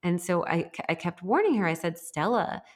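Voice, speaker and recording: A woman's voice: lowish voice, very animated, a little fast. A woman and mother chatting casually, telling a long, earnest story in a reflective, rambling way. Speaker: podcast co-host and mother. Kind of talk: casual chat.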